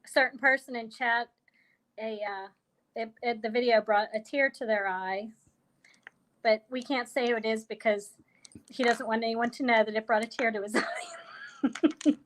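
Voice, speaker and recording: A woman's voice: a little high, steady tone, normal speed, pauses often, rough recording. A woman chatting casually on an online hangout, giggly and teasing. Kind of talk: casual chat.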